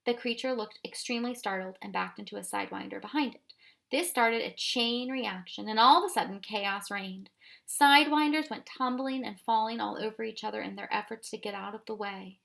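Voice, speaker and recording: A woman reading a children's storybook aloud in a soft, even voice. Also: mid-range voice, a little fast, creaky. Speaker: audiobook reader. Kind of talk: storybook narration.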